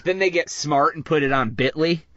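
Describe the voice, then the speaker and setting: A man's voice: fairly high pitch, normal speed, fairly bright tone, no room sound, muffled recording. A man hosting a podcast in casual chat, rambling and profane, full of fillers like "like" and "dude". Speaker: podcast host.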